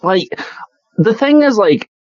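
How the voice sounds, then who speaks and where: A man in casual movie review chat, sardonic and full of swearing, his pitch swinging lively up and down. The sound is dry and a bit muffled. He acts out bits of dialogue as he talks. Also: slow pace, no echo. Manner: sardonic, swears often, acts out quoted lines. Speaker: podcast co-host.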